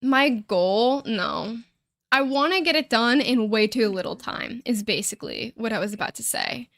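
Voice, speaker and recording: A chatty young woman rambles through a casual game stream. She laughs often and swears offhandedly. Her voice sits a little high and sounds close and dry. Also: animated, moderate pace, fairly bright tone, no echo. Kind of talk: casual livestream chat while playing a life-sim game.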